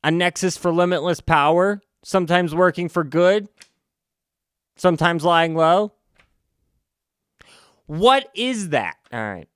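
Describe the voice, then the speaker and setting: Halting, sarcastic man recapping a comic. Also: high-pitched, lively intonation, a bit bright, smooth, no echo, studio quality. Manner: halting, restarts, sarcastic asides. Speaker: comic book reviewer. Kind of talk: casual recap.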